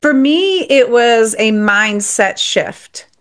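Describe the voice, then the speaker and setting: A woman with a somewhat high voice talks as a podcast guest. She is earnest and reflective, and leans on repeated phrases to drive her points home. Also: animated, slow pace, a bit bright. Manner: earnest, reflective, emphatic repetition. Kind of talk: candid interview conversation.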